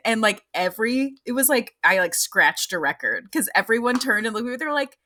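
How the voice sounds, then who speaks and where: A woman's voice: a little high, lively intonation, a little fast, bright, forceful tone. A woman in her late thirties co-hosting a podcast, telling stories in casual chat with lots of fillers and laughter. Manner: laughing storyteller, many fillers. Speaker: podcast co-host.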